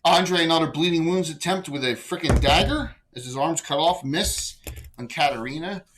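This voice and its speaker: A man running a tabletop game as game master, chatty and loose, with quick rules asides. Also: on the high side, lively intonation, background noise.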